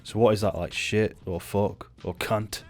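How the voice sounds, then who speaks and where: Young man, film reviewer, casual reaction commentary, sweary and sardonic, deep voice. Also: fairly even intonation, a little slow, a little mellow.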